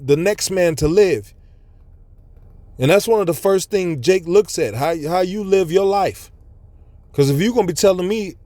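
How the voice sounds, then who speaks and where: A man's voice: high voice, mellow, no room sound. A man preaching a blunt, profane, scolding street sermon to his listeners.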